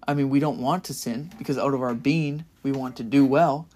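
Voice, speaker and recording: A young man giving a casual, earnest Bible-study sermon as a podcast preacher, getting louder in bursts of excitement. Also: mid-range voice, brisk. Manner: earnest and enthusiastic, rising to loud bursts of excitement.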